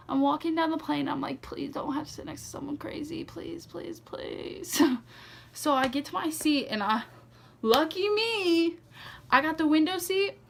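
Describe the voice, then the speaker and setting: A young woman vlogger tells her viewers a story in a chatty, casual way, saying "like" and "okay" a lot. Her voice is a little high, with some hiss or hum in the background.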